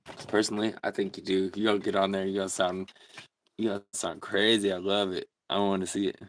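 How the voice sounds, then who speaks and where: Speaking quickly with a flat delivery, this livestream host has a low-sitting voice. He keeps things casual, chatting easily with viewers, reading their comments and laughing frequently.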